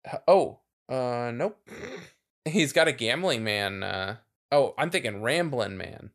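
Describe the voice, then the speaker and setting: Man, podcast co-host, gravelly voice with an animated pitch and a rambling, laughing delivery. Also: slow. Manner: chatty, laughing, trailing off with fillers. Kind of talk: casual chat.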